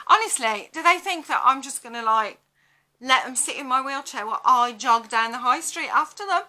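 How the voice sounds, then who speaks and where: A woman's voice: fairly high pitch, moderate pace, bright, forceful tone. A woman vlogging with casual storytelling, blunt and sarcastic, swearing freely.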